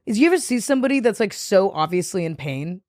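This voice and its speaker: A woman's voice: medium pitch, sing-song, fast, a little mellow, no echo, clean studio sound. A woman co-hosting a casual podcast chat, talking bluntly and animatedly and swearing freely. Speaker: podcast co-host.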